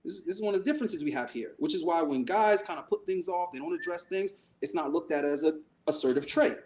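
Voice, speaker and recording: A man's voice: a little high, quick pace, a little mellow. A man co-hosting a podcast, telling a story in casual chat, acting out the voices he quotes and swearing freely. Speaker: podcast co-host.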